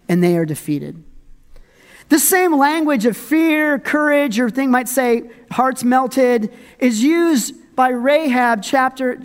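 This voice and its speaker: A pastor preaching a conversational sermon, reading scripture and commenting with humor and frequent laughs. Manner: conversational and humorous, laughs often, dramatic swings in pitch.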